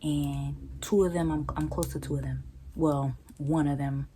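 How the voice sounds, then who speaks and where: Low, mellow-voiced woman ranting casually. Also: unhurried, a little hiss or hum, rough recording. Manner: blunt, profane, animated, rising to high incredulous tones. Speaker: vlogger. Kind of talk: casual storytelling rant.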